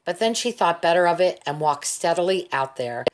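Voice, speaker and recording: A woman reads a novel aloud in a calm, steady way. Her voice sits a little low and stays even. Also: a little fast. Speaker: audiobook reader. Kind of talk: audiobook narration.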